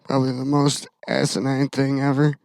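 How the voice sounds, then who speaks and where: A man co-hosting a casual podcast chat, rambling and trading crude deadpan jokes. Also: mid-range voice, moderate pace, creaky, no echo. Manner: rambling, self-interrupting. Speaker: podcast co-host.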